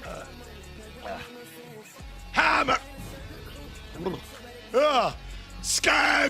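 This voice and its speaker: A man chatting on a live game stream, loud and hyped, often yelling catchphrases. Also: high-pitched. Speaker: gaming streamer. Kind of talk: live gameplay stream chat.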